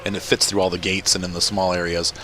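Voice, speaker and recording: A man's voice: low-pitched, level tone, quick pace, pushed and bright. A man chatting casually as he plays a farming game at home, rambling and laughing often. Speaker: let's-play gamer. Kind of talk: casual gameplay commentary.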